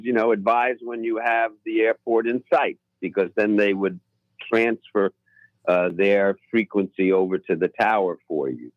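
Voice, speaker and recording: Low-voiced male guest on talk radio, slow halting storyteller, dry and slightly muffled studio sound. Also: no room sound. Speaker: pilot guest. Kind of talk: casual radio interview storytelling.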